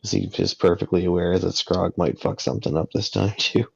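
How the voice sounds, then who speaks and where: Gravelly deep-voiced man player. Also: steady tone, a little fast, lo-fi sound. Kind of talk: casual tabletop play.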